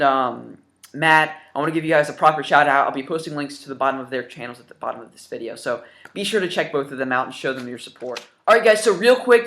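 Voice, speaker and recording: A young man in his twenties, a gaming YouTuber, walks viewers through the games he's just gotten in a relaxed vlog. Enthusiastic and wandering, he leans on ums and broken-off words, and his somewhat high voice carries a bright, forward edge.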